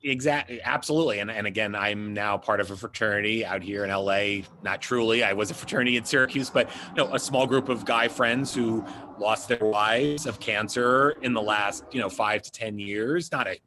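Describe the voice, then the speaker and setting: A man's voice: fairly low pitch, a little fast, few pauses, a little hiss or hum. Rambling man telling a heartfelt story. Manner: rambling, warm storytelling with frequent "you know" and restarts. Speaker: interview guest, publicist. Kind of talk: casual conversational interview.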